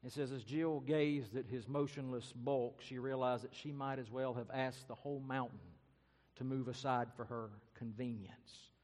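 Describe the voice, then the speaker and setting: A man's voice: mid-range voice, fairly even intonation, normal speed, long reverb tail. A man preaching a sermon and telling a story earnestly and dramatically. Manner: earnest, dramatic, varies loudness and pace. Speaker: pastor.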